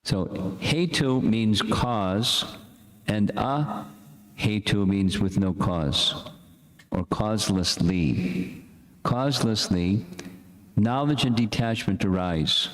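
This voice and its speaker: An older man teaching a scripture class to an audience, pausing to lead chanted verses for the room to repeat, in a casual, halting way with restarts. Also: on the low side. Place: lecture hall with an audience. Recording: echoey lecture room.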